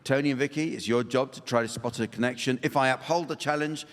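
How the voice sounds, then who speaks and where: An English man hosting a comedy panel game with a dry, deadpan delivery. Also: mid-range voice, fast talker, in a large hall.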